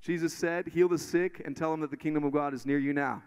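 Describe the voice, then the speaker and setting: A man preaching in church and telling testimonies in an animated way, full of restarts. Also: a little high, quick pace, smooth. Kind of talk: sermon testimony. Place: church stage.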